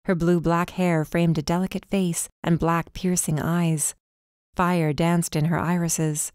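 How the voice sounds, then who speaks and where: A woman reading a first-person dark fantasy story as audiobook narrator, with tense, urgent delivery. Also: on the low side, flat delivery, measured pace, clean tone, dry recording, studio quality.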